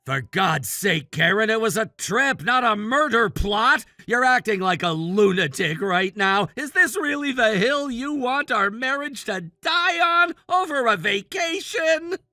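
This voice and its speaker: A man's voice: very high voice, lively intonation, unhurried, hardly any pauses, sharp tone, dry recording, studio quality, faint music behind, exaggerated voice. A man voicing an exasperated middle-aged husband in a dramatized text-story reading, impatient and scolding.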